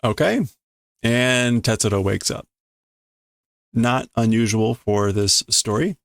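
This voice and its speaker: A man streaming a casual read-through of a comic, translating line by line in a halting, self-correcting way and chuckling often. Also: mid-range voice, vocal fry, no echo, studio quality. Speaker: streamer reading manga to learn a language.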